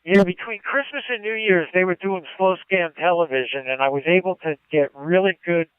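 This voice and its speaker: Ham operator on air, a man explaining his gear with enthusiasm, clear voice through a tinny radio link. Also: high-pitched, a little fast, no echo. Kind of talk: casual radio chat.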